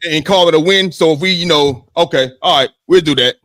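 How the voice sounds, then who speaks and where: A man hosting a sports podcast in casual, animated talk, swearing freely and often checking in with "you know what I mean". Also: a little high, a little fast, no room sound, studio quality.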